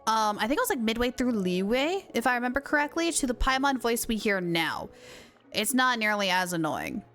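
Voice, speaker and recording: A woman's voice: a little high, sing-song, normal speed, a bit bright, faint music behind. A young woman streaming a game, chatting casually and self-mockingly with viewers while she plays. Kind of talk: casual live-stream chat while gaming.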